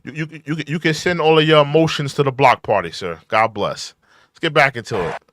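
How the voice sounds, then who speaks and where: A man in his thirties hosts a political commentary show, reacting to clips with exasperated rants, mocking slang, and repetition. His voice sits on the high side, fairly bright and brisk, with slight background noise.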